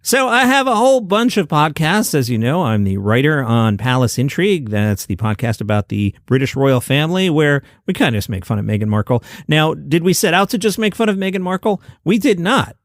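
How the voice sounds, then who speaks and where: A man's voice: a little high, expressive, fairly quick, hardly any pauses, dry recording, clean studio sound. Chatty man hosting a comedy news podcast. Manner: chatty, conversational retelling of stories. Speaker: podcast host. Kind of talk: comedy news podcast, casual solo talk. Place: indoors at a table with a laptop. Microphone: desk mic next to a laptop.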